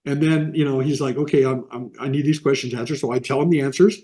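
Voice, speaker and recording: In a casual interview conducted by video call, a middle-aged Midwestern man who works as an animation artist rambles through anecdotes, quoting other people's voices. He speaks at a quick pace with a medium pitch, a steady tone, and a dark timbre.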